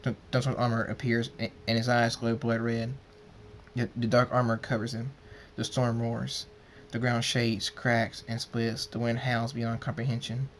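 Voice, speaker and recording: A man narrating an amateur story, halting and stumbling over words as he reads. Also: medium pitch, completely flat delivery, a little hiss or hum.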